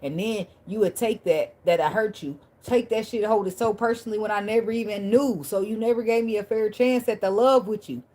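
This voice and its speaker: A woman's voice: medium pitch, fairly quick, few pauses, dark tone, rough recording. A woman giving a casual tarot reading to her viewers, blunt, profane and preachy, laughing at times and thanking viewers by name. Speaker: tarot reader.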